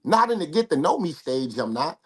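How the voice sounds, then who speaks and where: A man guest in a casual livestream chat, talking in an animated, slangy, emphatic way. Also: fairly high pitch, a little fast, breathy edge.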